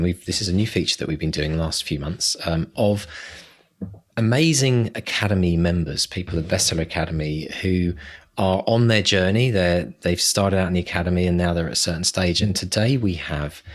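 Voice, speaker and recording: A man's voice: deep voice, slightly rough. A man co-hosting a podcast in an upbeat, chatty way. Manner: upbeat, chatty, laughs easily. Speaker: podcast co-host. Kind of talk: casual chat.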